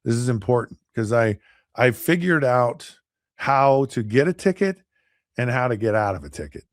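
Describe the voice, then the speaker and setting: With a sing-song lilt in his mid-range voice, a middle-aged former NFL quarterback spins casual stories on his podcast at a moderate pace. He rambles, restarts frequently, and acts out quotes, all in echo-free studio-quality audio.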